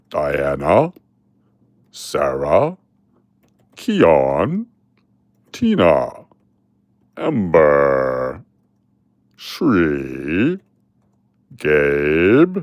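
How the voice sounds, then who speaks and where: Man putting on a deep drawling Southern uncle. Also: darkish tone, no echo, heavily acted.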